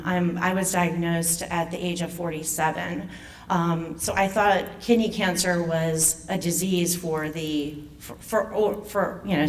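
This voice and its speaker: A woman in her forties, a foundation president, nervously and emotionally telling her own patient story at an event, with halting restarts. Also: lowish voice, far from the mic. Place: event hall.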